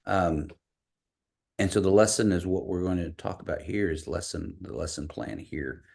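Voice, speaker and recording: A man teaching an online language class over a video call, patiently repeating words slowly for learners. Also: low-pitched, creaky, a little mellow.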